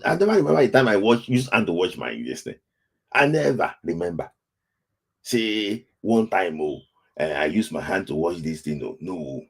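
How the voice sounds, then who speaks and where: Husky Nigerian man, lively pitch. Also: normal speed. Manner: lamenting, repeats phrases over and over. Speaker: football talk show host. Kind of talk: casual live-stream commentary.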